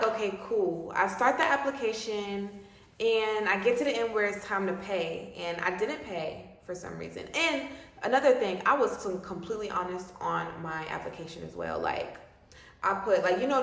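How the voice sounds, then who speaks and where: A woman's voice: medium pitch, animated, moderate pace, fairly bright tone. Slangy young woman telling a story. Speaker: vlogger. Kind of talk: casual storytime vlog. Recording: roomy echo.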